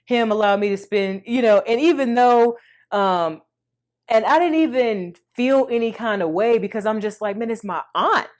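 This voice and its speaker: In a medium-pitched voice, a woman in her thirties chats animatedly on her vlog about something emotional from her life, calling her audience y'all.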